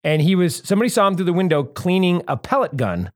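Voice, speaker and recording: A man in casual chat, telling stories in an animated way and swearing a lot. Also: high-pitched, quick pace.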